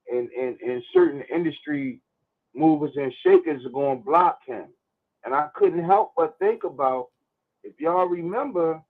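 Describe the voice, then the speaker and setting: A man calling in to a radio show, talking animatedly and stumbling over repeated words, heard through a phone line. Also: a little high. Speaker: caller. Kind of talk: call-in radio commentary.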